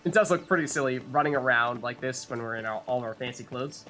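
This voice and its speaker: A man's voice: medium pitch, fast, bright, forceful tone, faint music behind. A man hosting a let's play, chatting casually and thinking aloud as he plays. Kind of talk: casual gameplay commentary.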